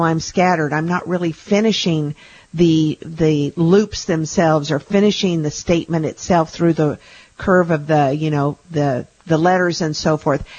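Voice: medium pitch, a little mellow. A radio host talks at length in a chatty way and often turns statements into leading tag questions. The recording is a bit dull and lo-fi. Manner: chatty, asks leading questions ending in tags. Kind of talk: radio interview.

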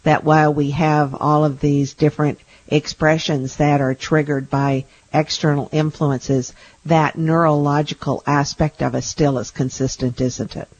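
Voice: medium pitch, little pitch movement, measured pace, darkish tone, dull audio. A radio show host who talks chattily and ends points with leading tag questions. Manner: chatty, asks leading questions ending in tags. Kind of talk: radio interview.

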